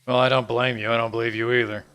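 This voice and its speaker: A man voicing a seasoned male lizard-man bounty hunter in a tabletop game, dry and skeptical, his voice dropping low. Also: flat delivery, fast, a bit bright, clean tone, lightly acted. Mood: blunt. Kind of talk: tabletop role-play in character.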